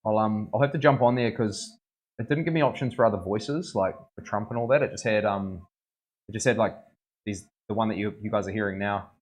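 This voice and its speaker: Speaking a little fast with a fairly low pitch, a young man livestreams his tattoo work and chats informally. He frequently laughs and expresses thanks to viewers.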